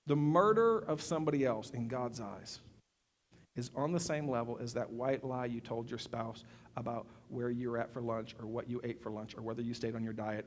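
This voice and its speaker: A middle-aged pastor with a medium-pitched voice preaches conversationally, using fillers and repeating words. He alternates between loud, fervent bursts and quiet, intimate passages.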